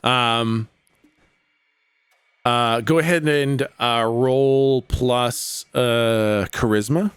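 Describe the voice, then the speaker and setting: A man running a tabletop game as game master over a voice call, narrating casually with many pauses and fillers and laughing often. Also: medium pitch, clean tone, dry recording. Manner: relaxed narration with many ums, laughs easily.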